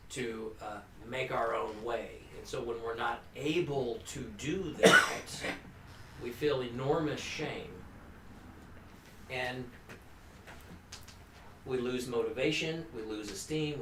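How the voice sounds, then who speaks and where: This recovery counselor talks slowly and pauses often, his mid-range voice a bit bright, in an earnest, informal talk to a family group. He restarts lines and leans on "you know". Recorded in an echoey meeting room on a distant mic, with a faint hum.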